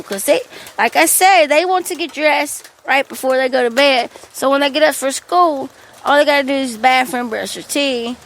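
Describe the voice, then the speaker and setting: A woman, hosting a podcast and telling a rambling, animated story about her household, swearing freely. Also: high voice, moderate pace. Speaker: podcast host. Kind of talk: casual storytelling monologue.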